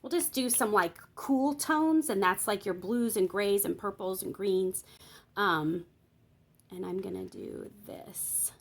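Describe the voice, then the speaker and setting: A woman's voice: mid-range voice, slow, vocal fry, slightly rough. Chatty woman teaching hand lettering. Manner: chatty, thinks aloud while working; explains step by step, checks in with "all right?". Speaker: Bible journaling teacher. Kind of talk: casual craft tutorial.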